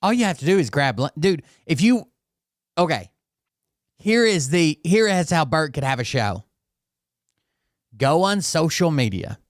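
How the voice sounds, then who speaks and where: A man hosts a reaction show and talks back at the clips he plays, sarcastic and mocking, with plenty of swearing. His voice sits a little high and comes through smooth and clean. The sound is dry and close, with no room around it. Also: very animated, moderate pace, long pauses, dry recording. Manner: mocking, sarcastic, profane asides. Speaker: commentary show host.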